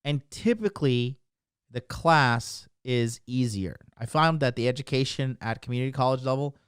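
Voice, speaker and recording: A man's voice: medium pitch, expressive, moderate pace, clean tone, no echo, clean studio sound. Brash, mocking male livestream coach. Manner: emphatic, keeps asking "okay?". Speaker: dating coach. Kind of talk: livestream rant to chat.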